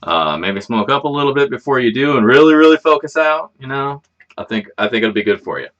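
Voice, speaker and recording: A man's voice: mid-range voice, expressive, brisk, fairly bright tone, dull audio. A man hosting a casual livestream, chatting in a rambling, laid-back way and swearing freely. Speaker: livestream host.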